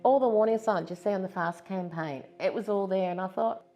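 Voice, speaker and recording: In a testimonial interview, a woman in her fifties with an Australian accent shares her own experience as a stroke survivor, candid and earnest. Her mid-range voice has a dark tone and runs a little fast, with faint music in the background.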